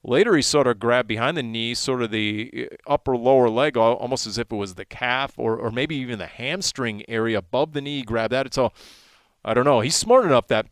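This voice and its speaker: A man working as a sideline reporter, chatting on a sports radio show and telling animated stories, his voice jumping up when he gets excited. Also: mid-range voice, brisk, clean tone, no room sound. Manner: animated storytelling, voice jumps up in excitement.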